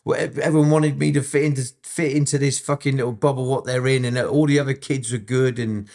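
A man's voice: medium pitch, level tone, fairly quick, vocal fry, a little mellow. Blunt, profane man. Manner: blunt, profane, rambling with restarts. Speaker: interview guest. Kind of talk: casual storytelling, heavy swearing.

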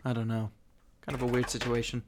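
A man's voice: mid-range voice, level tone, quick pace, background noise, natural voice. A man voicing a grimy male rat-master who lives in the sewers and hesitates as he speaks. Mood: hesitant.

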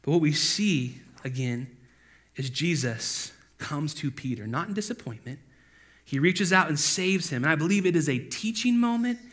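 This pastor, his voice on the high side, gives a relaxed sermon in a talkative style full of side comments. He performs quoted voices with sudden loud eruptions.

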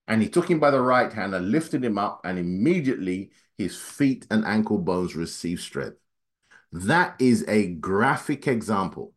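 A man preaching a sermon, his voice climbing for emphasis and then dropping low and quiet, reading scripture at a quick clip. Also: animated. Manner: dynamic preaching, voice rising high then dropping low and soft.

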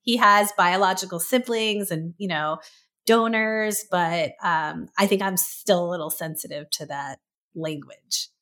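A woman's voice: on the low side, a little slow. A woman guest on an interview podcast, telling a personal story in a casual way and acting out the voices of the people she quotes. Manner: lively storyteller who acts out quoted voices.

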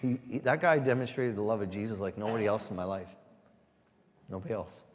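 A man giving a sermon testimony, halting and repeating words as he speaks to a church. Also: on the low side, in a large hall. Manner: halting, repeats words, asks the room "Amen?".

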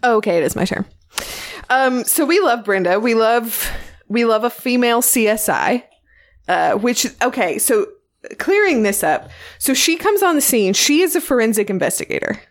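A woman's voice: a little high, lively intonation, normal speed. A woman co-hosting a casual film discussion, chatty and enthusiastic with a playful edge. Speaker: podcast co-host.

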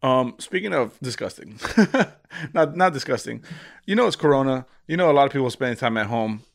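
A man's voice: mid-range voice, lively intonation, brisk, gravelly. A young man co-hosting a podcast, joking and teasing in casual chat. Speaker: podcast co-host.

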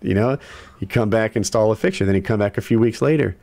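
A man's voice: on the low side, quick pace, dark tone. A man telling a long story in casual conversation, rambling and profane, with lots of restarts.

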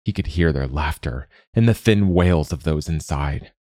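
A man narrating a fantasy story in a steady, even reading. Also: very deep voice, normal speed, no echo, studio quality.

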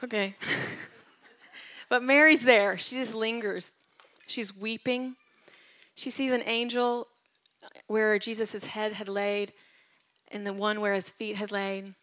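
A Bible teacher with a medium-pitched, slightly bright voice retells Bible stories in a casual devotional talk. She's animated in the telling, dropping to a whisper at tender moments.

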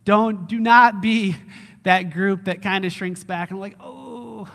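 A man preaching with a high, bright, forceful voice. He speaks casually and with animation, and he acts out excited lines. His voice carries the long reverb of a church hall. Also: a little slow. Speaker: lead pastor. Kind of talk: sermon.

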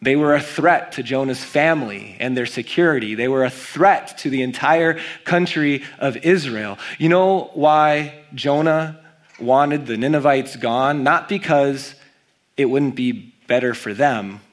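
A man preaching a sermon as a pastor, reading scripture aloud and stressing key words with animated emphasis. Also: mid-range voice, unhurried.

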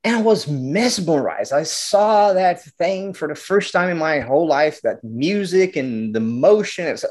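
A middle-aged man from Brazil, telling animated stories as a guest filmmaker and often restarting his words. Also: a little high, measured pace, hardly any pauses. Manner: animated, acts out quotes, many restarts. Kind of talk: storytelling interview talk.

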